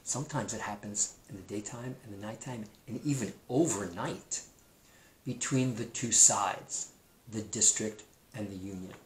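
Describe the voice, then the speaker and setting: A man with a Pacific Northwest American accent teaching a kindergarten-level lesson, slowly repeating new words so young children will remember them. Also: lowish voice, echoey room, slight background noise, rough recording.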